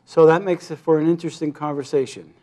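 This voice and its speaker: A man's voice: on the high side, fairly even intonation, quick pace, mellow. Male talk show host, casual questioning. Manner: scripted dramatic show opener, then loose questioning with fillers. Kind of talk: public access interview show.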